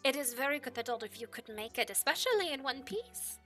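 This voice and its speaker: Woman doing a rich noble lady hosting guests, super polite and proper, kinda bright voice. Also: a little high, expressive, normal speed, faint music behind. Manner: polite, formal and welcoming. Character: wealthy gracious noblewoman hostess.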